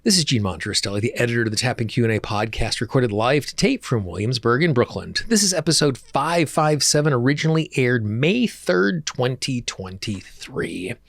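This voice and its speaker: A man's voice: mid-range voice, sing-song, normal speed, gravelly, few pauses, no echo. A man hosting his own podcast, teaching listeners in an earnest way and repeating words for emphasis. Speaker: podcast host.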